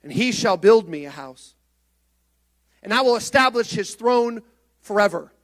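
A male pastor preaching a sermon, moving between soft, low passages and loud, rising exhortation. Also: expressive, unhurried.

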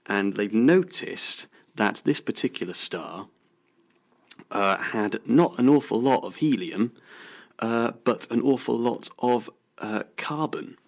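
A man's voice: mid-range voice, lively intonation, takes it slowly, gravelly. A man hosting a local radio science show, chatting casually through news stories with lots of ums and restarts. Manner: rambling with many fillers and restarts.

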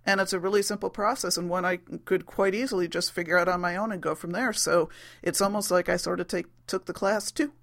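A woman's voice: fairly low pitch, fairly even intonation, fairly quick, vocal fry, a bit bright. A woman hosting a podcast, talking in a chatty, rambling way with frequent laughs and ums. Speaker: podcast host. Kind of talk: casual podcast monologue.

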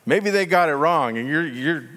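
A man preaching a sermon as pastor, animated and acting out quoted voices, in a church sanctuary. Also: fairly high pitch, moderate pace, big-room sound. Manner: animated, acts out quoted voices, laughs at own jokes.

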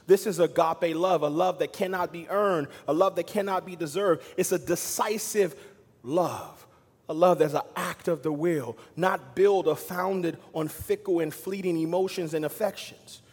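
A man preaching a sermon as pastor, swinging between loud emphatic lines and quiet, hushed asides. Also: a little high, moderate pace, slightly rough, long reverb tail. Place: church sanctuary.

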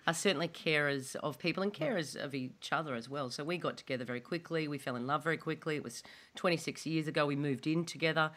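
A woman's voice: deep voice, fast, few pauses, fairly bright tone. Wry middle-aged woman. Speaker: guest, presenter. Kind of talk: reflective interview talk.

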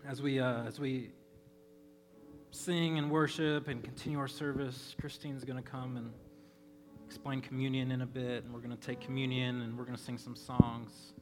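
A man preaching a sermon as pastor, conversational and storytelling, softening into prayer. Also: mid-range voice, moderate pace. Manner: conversational, animated when storytelling, soft when praying. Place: church. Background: faint band music.

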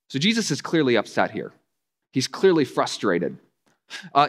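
A man's voice: medium pitch, fairly bright tone. A man preaching a sermon in a conversational way, often stumbling and restarting as he voices his listeners' objections. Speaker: pastor. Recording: long hall reverb.

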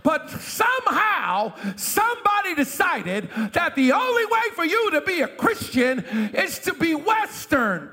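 A middle-aged man preaching in a church with a strikingly high, bright, forceful voice that leaps up and down in pitch. He builds to shouts and calls out to the congregation for a witness. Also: sing-song, unhurried, long reverb tail. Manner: impassioned preaching, often shouting, call-and-response. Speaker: pastor. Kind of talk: sermon. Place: church sanctuary.

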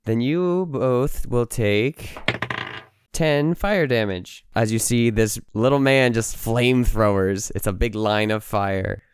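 A man's voice: mid-range voice, slow pace, clean tone, no echo, clean studio sound. A man narrating a tabletop game as game master, playful, with laughing asides.

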